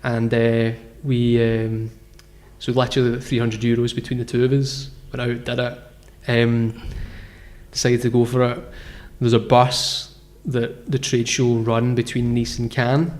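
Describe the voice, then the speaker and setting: A man's voice: medium pitch, flat delivery, a little slow, a little mellow. A man, a guest founder telling his story in a casual interview, rambling with lots of fillers and restarts. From Scotland. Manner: rambling, filler-heavy, self-correcting.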